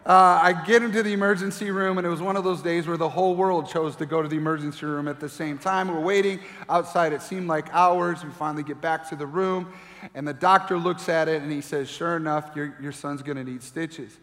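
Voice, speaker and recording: A man's voice: fairly high pitch, a little fast. A middle-aged man preaching a sermon as pastor, telling a family story and acting out voices as he goes. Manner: animated storyteller, acts out voices. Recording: long reverb of a large hall.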